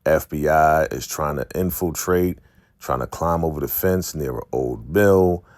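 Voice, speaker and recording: A man's voice: extremely low pitch, a little slow, a little mellow, no room sound, studio quality. A man casually recapping a TV episode for his viewers, chatty and calling them family. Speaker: recap host.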